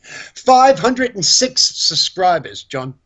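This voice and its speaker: A man co-hosting a casual live stream, joking in a wry, deadpan way. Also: sits high, slow. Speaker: show host.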